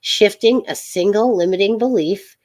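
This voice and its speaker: This is a middle-aged woman with a mid-range voice leading a casual tarot reading live. She wanders and stalls as she talks, using lots of fillers and soft laughs.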